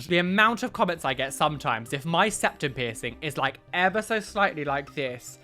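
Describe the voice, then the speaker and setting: A young man hosting a reaction video, animated and exclamatory with frequent laughs. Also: fairly high pitch, normal speed, few pauses, soft background music. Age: young adult. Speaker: YouTube reaction host. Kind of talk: reaction commentary.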